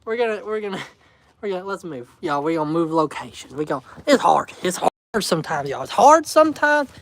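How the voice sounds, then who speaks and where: This homestead vlogger speaks briskly in a high, sing-song voice during a casual livestream from inside his home. He rambles along to his viewers, laughing frequently.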